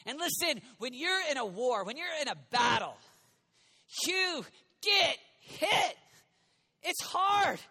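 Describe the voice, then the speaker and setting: A man preaching an energetic youth sermon, animated and jokey, acting out quoted voices and sometimes shouting. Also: very high voice, takes it slowly, long pauses. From United States. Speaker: youth minister.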